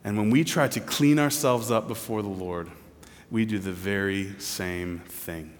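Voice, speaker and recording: A man preaching a sermon with earnest intensity. He drops soft and low, then rises loud and pleading. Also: unhurried, a little hiss or hum. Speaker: pastor. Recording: long reverb of a large hall.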